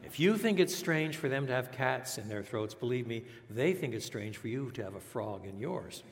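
A man's voice: medium pitch, lively intonation, moderate pace, a little hiss or hum. An older man from French Canada, raised speaking English and French, preaching a teacherly sermon with rhetorical questions and repeated words. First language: bilingual English and French. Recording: long reverb of a large hall.

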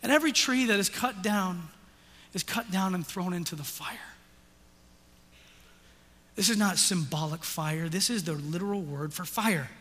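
A male pastor preaching an intense sermon, swinging from hushed whispers to loud, urgent passages. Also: sits high, unhurried, long pauses. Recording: long hall reverb.

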